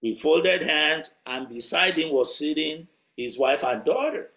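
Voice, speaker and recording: A man preaches by telling a story, in a conversational way with chuckles along the way. His voice sits fairly high for a man. He speaks directly to the people listening. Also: measured pace, vocal fry, sharp tone. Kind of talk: sermon storytelling.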